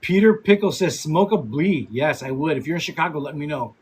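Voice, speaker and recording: A man in his fifties hosting a casual livestream. He laughs often, swears freely and gives quick shout-outs to viewers. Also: fairly high pitch, animated, husky, poor audio. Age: 50s. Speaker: livestream host.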